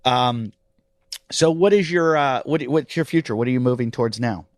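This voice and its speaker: A man hosting a podcast at a gym, telling restless, animated stories in casual chat, with plenty of swearing. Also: medium pitch, normal speed, dry recording, clean studio sound. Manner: animated, profane, restless storytelling. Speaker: podcast host. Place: CrossFit gym.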